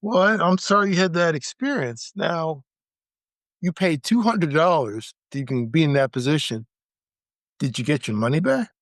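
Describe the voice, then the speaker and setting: A man with a fairly high voice co-hosts a casual chat, cutting in with follow-up questions and a few stammers. The sound is close and dry. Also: lively intonation, normal speed, dry recording. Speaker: co-host.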